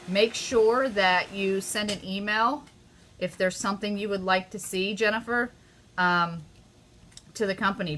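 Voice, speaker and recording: A woman hosting a casual live craft tutorial, chatty and easily excited, often gushing over her work. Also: medium pitch.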